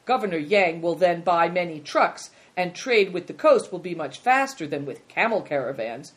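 A woman reading a storybook aloud and voicing a steady, earnest young boy who sounds a little wise. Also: on the low side, moderate pace, natural voice.

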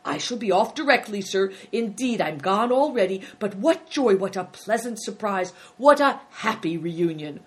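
Obsequious old innkeeper, shrill and effusive, read by a storyteller. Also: expressive, moderate pace, hardly any pauses, natural voice. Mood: gushing. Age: older. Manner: obsequious, gushing, shrill exclamations. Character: fawning old male innkeeper.

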